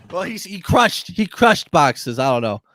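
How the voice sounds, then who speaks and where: Man, co-host, high voice, dry close sound, reading a list aloud. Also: a bit bright, no room sound. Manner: reads out a list, laughing a lot.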